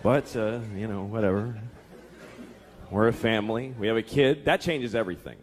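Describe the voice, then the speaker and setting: A man's voice: fairly low pitch, moderate pace. A man in his thirties doing a crude, exasperated stand-up routine on a club stage, acting out voices. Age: 30s. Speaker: stand-up comedian. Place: comedy club stage with audience. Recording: live club recording, loud crowd laughter.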